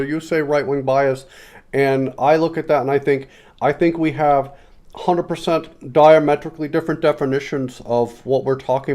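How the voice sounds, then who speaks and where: A man's voice: medium pitch, darkish tone, natural voice. A man putting on the voice of a pompous, pedantic male debater who stammers and splits hairs over definitions.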